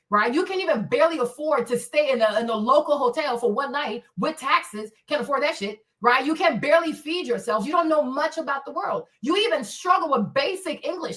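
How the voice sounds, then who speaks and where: Her voice is high and a bit bright, with lively intonation, a fairly quick pace and few pauses. She's an African woman hosting a livestream, ranting solo in a blunt, profane, confrontational way and ending lines with "right?", on a slightly distant mic.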